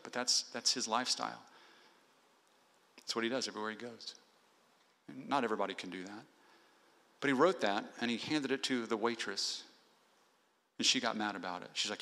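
Man, pastor, earnest sermon, bright forceful tone, long reverb. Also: mid-range voice, fairly quick, pauses often. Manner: earnest, exhorting, lists numbered points. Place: church sanctuary.

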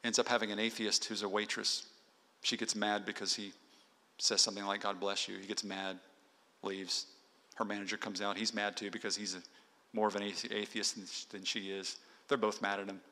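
Man, pastor, earnest sermon, bright forceful tone, long reverb. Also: fairly low pitch, flat delivery, normal speed. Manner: earnest, exhorting, lists numbered points. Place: church sanctuary.

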